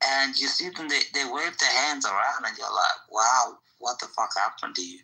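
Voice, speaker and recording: A man's voice: medium pitch, moderate pace, creaky, pushed and bright, poor audio. A man hosting a podcast in casual chat, ranting heatedly and profanely with lots of repetition. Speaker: podcast host.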